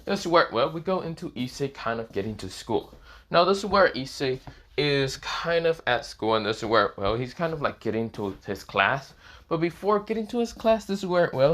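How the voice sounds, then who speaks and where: A man's voice: medium pitch, a bit bright. A man improvising a fan-fiction story, rambling and repeating himself as he narrates. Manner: rambling, repeats "this is where, well".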